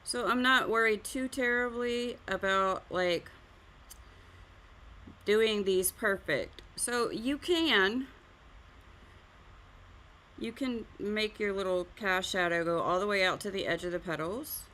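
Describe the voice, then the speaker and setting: A woman at a mid pitch, talking casually as she draws and explains shading. She chats along with little fillers and breaks into laughter at herself often. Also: takes it slowly, long pauses, sharp tone. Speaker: art stream host. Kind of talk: casual chat while drawing and teaching.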